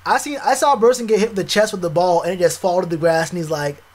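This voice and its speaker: Animated young man with a high voice. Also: quick pace. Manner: animated, repeats himself, casual slang. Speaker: streamer. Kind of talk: live stream reaction chat.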